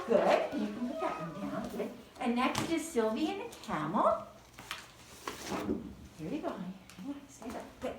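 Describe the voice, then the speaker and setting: A woman teaching small children in a classroom, prompting them in a gentle, sing-song way and praising their answers. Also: a little high, big pitch swings, normal speed, background noise. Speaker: preschool teacher. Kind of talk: leading a children's Christmas lesson. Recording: very echoey room, distant mic.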